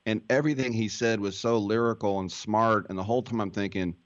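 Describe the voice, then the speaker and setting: A man's voice: fairly low pitch, fairly even intonation, fairly quick, dry recording. A man hosting a sports talk radio show, asking loose, rambling questions full of fillers. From Berkeley, California. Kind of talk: casual radio interview. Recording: dull, lo-fi broadcast sound.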